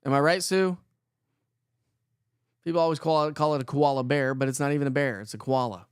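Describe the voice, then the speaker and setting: A man's voice: a little high, steady tone, fairly quick, clear, resonant tone, no echo, clean studio sound. A man from Colorado hosting a morning weather livestream, chatting casually and greeting viewers by name in an upbeat, joking way. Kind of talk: casual live-stream chat reading viewer comments.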